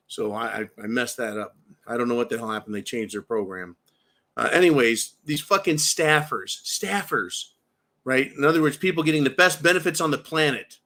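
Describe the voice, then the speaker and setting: A man's voice: on the high side, animated, moderate pace, sharp tone. A man hosting a political commentary show, ranting angrily and swearing constantly while he talks to his viewers. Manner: profane, furious, repeatedly addresses viewers as folks. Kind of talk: angry political rant.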